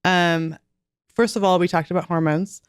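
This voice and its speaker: A woman in her forties talks earnestly and chattily as a podcast guest, laughing lightly now and then. Her voice sits low and sounds smooth and clear. The sound is dry and close. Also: fairly even intonation, normal speed, dry recording. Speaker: guest author and homeschool mom. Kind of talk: casual podcast interview.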